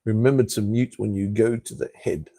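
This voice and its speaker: Here a man in his fifties, an Australian from Tasmania, runs a relaxed live stream and bluntly answers viewers' comments. His lowish voice is warm and steady at normal speed, recorded without echo, and he swears freely with chuckles between remarks.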